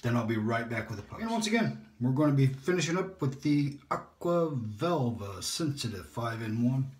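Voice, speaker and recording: A man hosting a shaving video, chatting in a relaxed, rambling way and talking to himself as he shaves. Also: medium pitch, moderate pace. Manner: relaxed, rambling, self-talk while shaving. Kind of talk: casual shaving vlog chat. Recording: echoey room.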